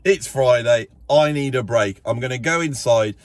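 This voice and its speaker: A middle-aged man rambling through the sign-off of his vlog outdoors in the sun, hot and tired, mocking himself and jumping up in pitch now and then. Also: normal speed, no echo. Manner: rambling, self-mocking, chatty, with sudden high jumps in pitch. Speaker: YouTuber.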